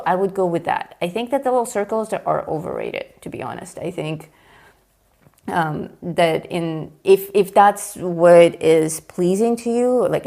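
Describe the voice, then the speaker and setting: A middle-aged woman hosts a live coloring show, talking casually as she works. Her voice sits on the low side with a gravelly, creaky texture. She is chatty, explains things at length and laughs easily. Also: a little mellow. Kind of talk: casual chat while drawing.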